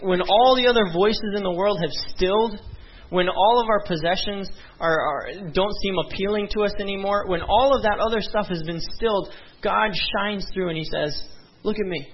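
A young man preaching a sermon as a pastor, earnest and conversational, with frequent asides to the congregation. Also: high-pitched. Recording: dull lo-fi sound.

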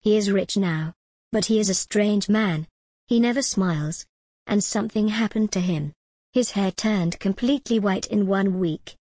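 A woman's voice: medium pitch, moderate pace, mellow, dry recording, close to an everyday voice. A woman reading the lines of an old village woman sharing rumors in a storybook, in a dry voice. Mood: confiding.

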